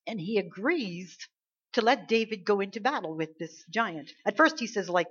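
Woman preacher, mid-pitched, emphatic, exhorting, slightly dull lo-fi sound. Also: animated, normal speed, a bit bright, breathy edge. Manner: emphatic, exhorting, rising and dropping in volume. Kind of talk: sermon.

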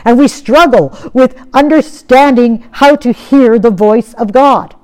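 A woman delivers a sermon with a warm, mellow tone. She talks earnestly and keeps posing questions to her listeners. Her voice often falls away to something soft and quiet. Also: a little high, unhurried. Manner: earnest, asks rhetorical questions, often drops to soft tones. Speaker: preacher.

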